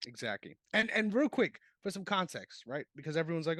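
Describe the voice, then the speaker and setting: A man co-hosting a casual sports podcast, animated and laughing, swearing freely. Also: on the high side, fast talker, no room sound, studio quality. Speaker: podcast co-host.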